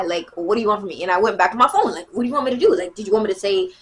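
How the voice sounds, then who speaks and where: A young woman, telling a casual storytime vlog in a chatty, animated way. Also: medium pitch, racing, hardly any pauses, slight background noise. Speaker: vlogger.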